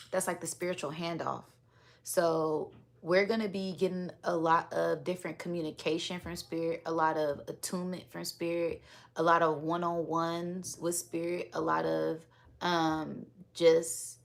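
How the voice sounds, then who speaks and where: A woman hosting a live-streamed spiritual energy reading and chatting with viewers, talking in a calm, relaxed, unhurried way. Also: on the low side, vocal fry. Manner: calm, relaxed and unhurried, sometimes repeating words. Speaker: spiritual reader and livestream host.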